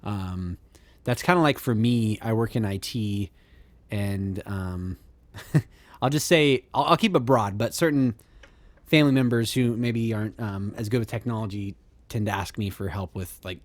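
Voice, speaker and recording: A man's voice: lowish voice, normal speed, no echo. Chatty man, dry close mic. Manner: rambling, frequent fillers and restarts, laughs often. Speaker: podcast co-host. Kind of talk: casual chat.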